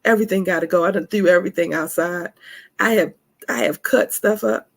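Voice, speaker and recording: A woman gives an emphatic motivational talk about self-care, calling her listeners honey and leaning on words for emphasis. Her gravelly voice is lowish and a little husky, and her pace is brisk.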